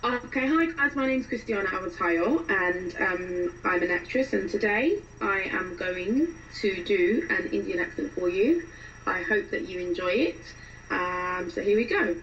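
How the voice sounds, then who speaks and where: A woman's voice: medium pitch, expressive, unhurried, a bit bright, far from the mic, highs cut off, soft background music. An actress introducing her character voices in a casual, hesitant way, with many ums.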